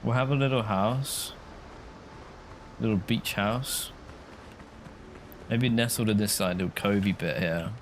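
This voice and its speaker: A man's voice: fairly low pitch, unhurried, pauses often, a little hiss or hum. A man chatting casually while he streams a game, rambling and answering viewers' comments. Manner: chatty, rambling, reads chat aloud.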